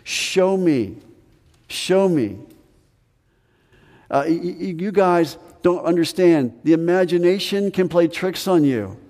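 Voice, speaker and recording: A man's voice: sits high, expressive, slow, a little mellow, in a large hall, voice pushed up. A male preacher voicing a doubting disciple, a stubborn skeptic who demands proof, in a raised voice. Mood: insistent.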